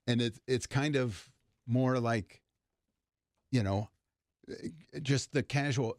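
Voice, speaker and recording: Soft-spoken man on a dry studio mic. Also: medium pitch, no echo. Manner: hesitant, measured, pushes back gently. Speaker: radio show co-host. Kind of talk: casual radio talk.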